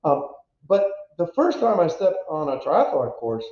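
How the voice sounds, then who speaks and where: A man in his fifties from the United States, a former pro football player telling stories as an interview guest, animated and self-deprecating, acting out quotes. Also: fairly high pitch, a little slow. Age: 50s. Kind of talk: candid storytelling interview. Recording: echoey, dull lo-fi audio.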